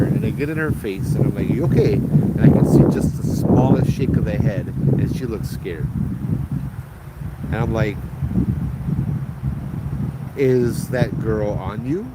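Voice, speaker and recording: A man, a ghost tour guide telling a story in an animated, casual way, acting out the people in it. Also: on the low side, heavy background noise. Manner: animated, acts out quoted voices.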